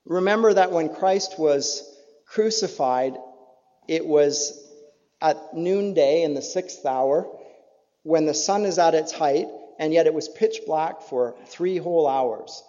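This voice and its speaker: A man preaching a sermon earnestly, his voice rising to emphatic peaks and dropping low again. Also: takes it slowly, warm tone. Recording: dull lo-fi sound in a reverberant hall.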